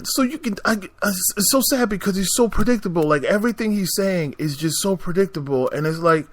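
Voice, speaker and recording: A man's voice: on the high side, moderate pace, few pauses, no room sound. A man hosting a podcast, telling a story in a casual, exasperated way and acting out both sides of the conversation. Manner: animated, exasperated, acts out both sides of the exchange. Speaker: podcast host. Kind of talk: storytelling anecdote.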